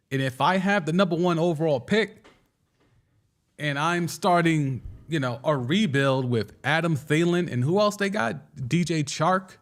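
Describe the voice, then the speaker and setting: A young man hosting a casual sports talk show, excitedly giving his takes and answering viewer comments, often restarting and stumbling over his words. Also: fairly high pitch. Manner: excitable, with frequent restarts and stammers. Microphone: studio microphone.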